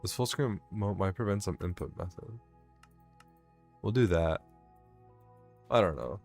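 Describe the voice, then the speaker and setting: Low-voiced man ranting over gameplay. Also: expressive, a little slow, gravelly, a little mellow, faint music behind. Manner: rambling, swearing, venting, self-mocking. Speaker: gaming vlogger. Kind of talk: rambling gameplay commentary.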